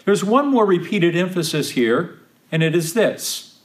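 Slow, deliberate man teaching scripture. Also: sits high, expressive. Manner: slow, deliberate, emphatic repetition of quoted verses. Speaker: Bible teacher. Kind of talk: Bible study teaching.

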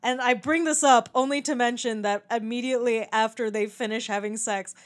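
A young woman with a slightly high voice co-hosts a casual movie chat. She is animated, laughs often and slips into quoted voices as she tells scenes. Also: fairly quick. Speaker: podcast co-host.

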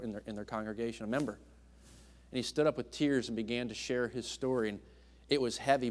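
A man preaching a sermon as a guest speaker. He swings between hushed, tender passages and loud, emphatic ones, often restarting and stumbling over words. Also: medium pitch.

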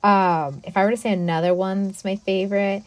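A young woman in casual conversation, gushing with enthusiasm and scattering fillers as she talks. Her voice sits at an ordinary middle pitch. The recording is dry, with almost no room sound. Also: steady tone, brisk, no room sound. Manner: chatty, enthusiastic, lots of fillers. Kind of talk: casual chat.

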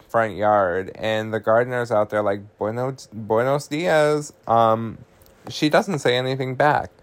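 A man hosting a podcast, casually recapping a horror comedy with swearing, laughs and lots of "like" and "um". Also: mid-range voice. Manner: chatty, laughing, swears, uses filler "like" and "um". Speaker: podcast host.

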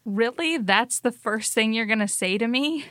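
Woman doing a tough no-nonsense young woman, blunt, bright sharp voice, dry sound. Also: a little high, lively intonation, moderate pace, no room sound, voice pushed up. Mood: confrontational. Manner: blunt, confrontational, swearing. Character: tough, guarded young woman, quick to anger.

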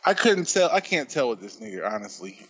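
A man's voice: medium pitch, very animated, fairly quick, fairly bright tone, husky, muffled recording. A man co-hosting a casual podcast chat, telling a story in a rambling, profane way. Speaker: podcast co-host.

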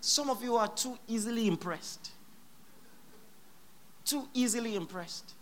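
A pastor preaching a sermon in church, emphatic and repeating key phrases, with sudden loud exclamations. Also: mid-range voice, a little slow, slight background noise.

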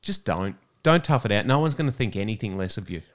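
A man's voice: on the low side, lively intonation, fast. A man, co-hosting a podcast and giving earnest, direct advice in casual chat. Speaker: podcast co-host.

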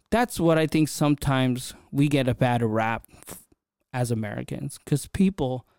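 A man hosting a podcast, telling a story in a casual, animated way and often checking in with his listener. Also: medium pitch, creaky, no room sound, clean studio sound. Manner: animated, chatty, frequent "right?" check-ins. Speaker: podcast host.

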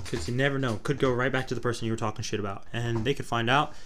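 A man's voice: mid-range voice, fairly even intonation, fast talker, a bit bright, slight background noise. A young man from Texas with a Texas twang, chatting to his viewers in a loose, rambling, profane way. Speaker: vlogger. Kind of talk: casual rambling chat to camera.

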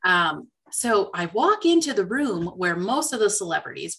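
Woman, casual chat, bright voice, animated storyteller. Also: mid-range voice, moderate pace, few pauses. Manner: animated storyteller, quoting herself.

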